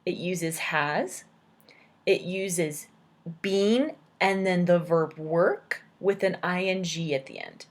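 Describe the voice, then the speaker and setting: A woman's voice: lowish voice, slow. A woman teaching an English grammar lesson, explaining patiently and checking in with "right?" as she goes.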